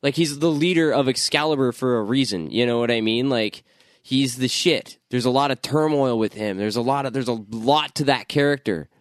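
A man's voice: mid-range voice, moderate pace, no room sound, studio quality. A man in casual chat, enthusiastic and profane.

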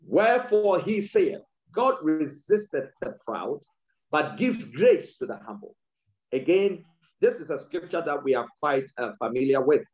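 A man delivers a sermon in a somewhat higher voice whose pitch rises and falls freely. He repeats his key lines and slows down to stress words, and the recording sounds dull and lo-fi. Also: darkish tone. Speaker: preacher.

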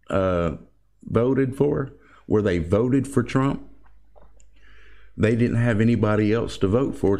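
Male commentator, lowish voice, unhurried, emphatic, talks straight to "folks". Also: warm tone. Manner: emphatic, addresses listeners as folks. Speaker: political commentator. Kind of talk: opinionated commentary monologue.

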